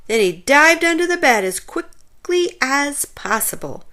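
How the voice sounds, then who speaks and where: A woman reading a children's storybook aloud in an expressive, animated way. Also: high voice, unhurried.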